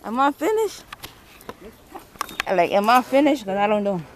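A woman's voice: a little high, very animated, unhurried, a crowd in the background. Breathless woman narrating a ropes course. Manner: exclaiming, laughing, swearing, narrating her own struggle. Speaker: vlogger. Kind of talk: casual self-filmed vlog. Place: outdoor treetop ropes course.

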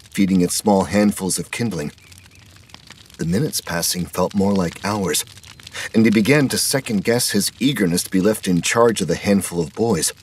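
A man narrating a horror story in a measured, dramatic manner. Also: deep voice, slight background noise.

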